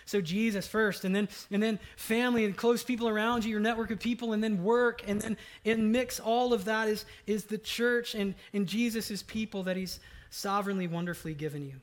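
Lively, conversational man preaching. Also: a little fast, hardly any pauses. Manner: dynamic, swings from loud emphatic to soft and low; conversational with fillers and asides. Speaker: pastor. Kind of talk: sermon.

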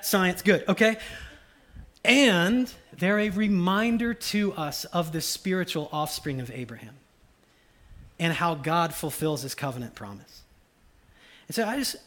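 Middle-aged pastor, relaxed conversational preaching, high-pitched. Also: male voice. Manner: casual, conversational preaching with many asides; acts out voices of the people in his stories. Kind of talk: sermon.

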